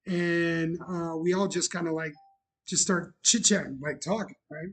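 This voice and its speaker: A man's voice: a little high, steady tone, a little slow, fairly bright tone. A man hosting his own livestream show, telling a rambling story in casual chat with many fillers and restarts. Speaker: bar owner and show host.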